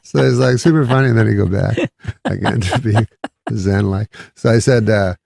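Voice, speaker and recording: Very low gravelly guy, storyteller who does the voices, dry close mic. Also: moderate pace, a little mellow, no room sound. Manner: acts out quoted voices, laughs mid-story. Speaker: comedian telling a story. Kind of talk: casual storytelling.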